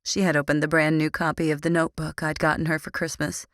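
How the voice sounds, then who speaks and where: A woman's voice: low voice, little pitch movement, quick pace, dry recording. A woman reading a first-person audiobook with a dry, sardonic, grumbling manner. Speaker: audiobook narrator.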